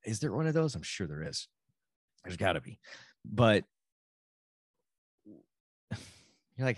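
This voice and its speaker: A man's voice: on the low side, sing-song, slow pace, pauses often, no echo. A middle-aged man from Texas with a Texan accent, talking casually and rambling with self-interruptions on his own podcast. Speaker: podcast host and dad. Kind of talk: casual solo podcast talk.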